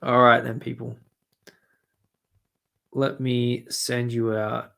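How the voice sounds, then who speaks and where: A man's voice: mid-range voice, little pitch movement, slow, gravelly, fairly bright tone. A man with an Australian accent chatting and ranting casually on a stream, swearing often. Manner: ranting, swearing, mumbling asides. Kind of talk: casual profane stream chat.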